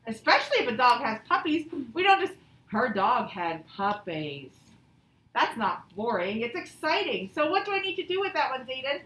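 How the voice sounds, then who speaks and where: High-voiced woman teaching a class. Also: very animated, normal speed, a bit bright. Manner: encouraging, thanks each pupil; reads example sentences with exaggerated expression. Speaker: elementary school teacher. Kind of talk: classroom grammar lesson. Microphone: distant mic in the room. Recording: echoey classroom, distant mic, faint hiss.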